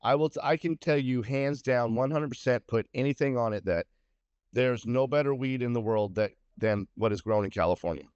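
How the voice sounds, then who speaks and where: A middle-aged guest talks casually in an emphatic, confident way, his voice at an ordinary mid pitch. The sound is dry with no room echo, and the recording is dull and lo-fi. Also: fairly quick, darkish tone, smooth. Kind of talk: casual chat.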